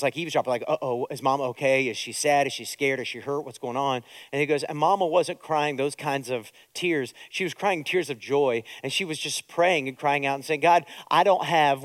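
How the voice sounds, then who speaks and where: A middle-aged man preaching a sermon as a pastor, moving between quiet, hushed prayer and loud, urgent exhortation. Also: a little high, no room sound. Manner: preaching with strong swings between soft prayer and loud urging.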